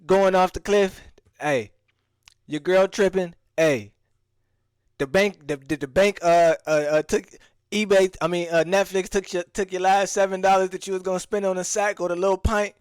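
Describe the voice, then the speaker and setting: A man on a livestream reacting to a clip, his voice smooth and a little high for a man. The sound is close and dry. He talks to his viewers in loose street slang and keeps restarting his sentences. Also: no room sound. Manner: addresses the audience directly. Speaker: streamer reacting to a video. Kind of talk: casual reaction commentary.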